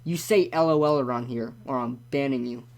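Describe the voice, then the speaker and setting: A man's voice: mid-range voice, brisk. Rambling young man ranting sports talk. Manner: rambling, animated ranting with repeats. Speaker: sports talk streamer host. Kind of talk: casual live-stream sports talk.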